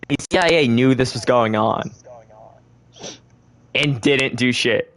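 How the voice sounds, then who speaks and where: A man's voice: mid-range voice, takes it slowly, pauses often, a bit bright. A young man hosting a casual podcast, rambling and swearing freely, often correcting himself as he goes. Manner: rambling, profane, self-correcting. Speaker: podcast host. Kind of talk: casual conspiracy chat.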